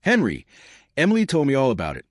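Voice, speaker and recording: A man's voice: medium pitch, very animated, brisk, no echo, studio quality. A man voicing a cheerful, playful woman in her fifties, talking chirpily and eagerly.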